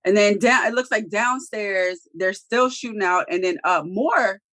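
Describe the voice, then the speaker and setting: A woman's voice: mid-range voice, measured pace. A woman co-hosting a TV review chat, retelling scenes in a blunt, profane, slangy way. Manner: animated, profane, slangy storytelling. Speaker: co-host reviewing a TV episode. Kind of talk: casual recap chat.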